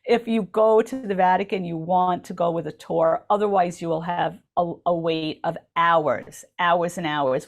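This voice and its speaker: A woman's voice: on the low side, vocal fry. A woman co-hosting a radio talk show, telling a story in an enthusiastic, chatty way full of ums. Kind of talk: casual chat. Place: radio studio.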